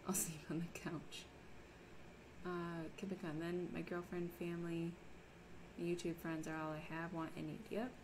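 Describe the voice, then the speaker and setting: A woman from Minnesota hosts a relaxed crafting livestream, chatting with viewers and reading their messages aloud. Her voice sits a little low, and she laughs easily. A faint ambient hum runs under the home recording. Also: moderate pace. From Minnesota, USA. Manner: chatty, laughs often, reads chat aloud. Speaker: livestream host. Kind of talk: casual livestream chat while crafting.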